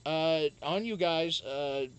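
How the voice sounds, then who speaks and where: A man's voice: on the high side, slow, clean tone. A man hosting a live stream, telling a rambling, profane story and answering chat casually. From Wisconsin.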